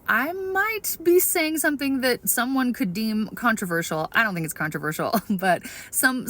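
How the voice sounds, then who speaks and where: A woman's voice: on the low side, fairly bright tone. Earnest woman sharing an opinion on camera. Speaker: video creator. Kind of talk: opinion vlog talking to camera.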